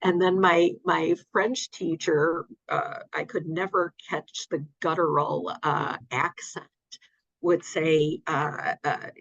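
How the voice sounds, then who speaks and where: An older woman talking in a relaxed interview, hesitant with many fillers and restarts, over a dull audio line. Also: sits low, takes it slowly, creaky, no room sound. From United States. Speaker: guest. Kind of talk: casual interview.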